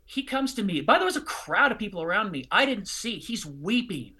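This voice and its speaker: A middle-aged man telling a personal story in conversation, expressive and bursting into loud excited outbursts. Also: sits high, a little fast, slightly rough. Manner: expressive, swings into loud excited outbursts when acting out scenes. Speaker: guest, charity fundraising speaker.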